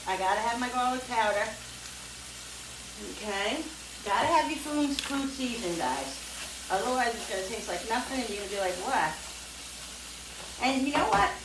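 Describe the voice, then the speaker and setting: A woman hosting a home cooking video, talking in a rambling, chatty way with frequent self-corrections as she cooks. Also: fairly high pitch. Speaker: home cooking channel host. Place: home kitchen with sizzling pan. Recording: echoey kitchen, distant mic, frying noise.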